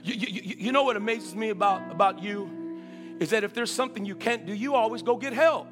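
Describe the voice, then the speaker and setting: A man preaching a sermon with enthusiasm, repeating words and swinging between loud calls and low murmurs. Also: brisk, in a large hall, over music.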